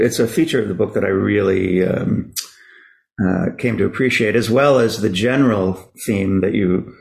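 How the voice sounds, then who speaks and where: Gravelly low man, halting host. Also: poor audio. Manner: halting, many fillers and restarts. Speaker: radio show host. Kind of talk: casual interview conversation.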